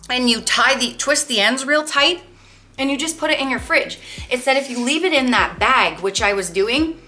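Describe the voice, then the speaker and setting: A woman's voice: fairly high pitch, bright, forceful tone. A woman in her thirties hosting a casual food vlog, chatty and upbeat as she walks through her meals. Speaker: vlog host.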